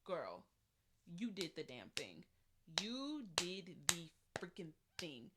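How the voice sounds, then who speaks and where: Young woman, lowish voice, expressive slangy show reviewer. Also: slow pace, very noisy. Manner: animated and expressive, slangy, acts out quotes. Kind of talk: casual recap vlog.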